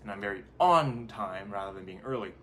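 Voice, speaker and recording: Man, lowish voice, relaxed coaching talk, rambling asides, faint background hiss. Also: brisk. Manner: conversational, rambling, acts out inner thoughts in quotes. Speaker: life coach and channel host. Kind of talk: casual motivational talk to camera.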